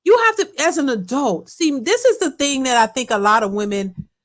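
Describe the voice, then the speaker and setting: A woman hosts a casual live reaction stream. She talks to her chat in an emphatic, repetitive way. Her voice sits high. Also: very animated, moderate pace. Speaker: reaction channel host.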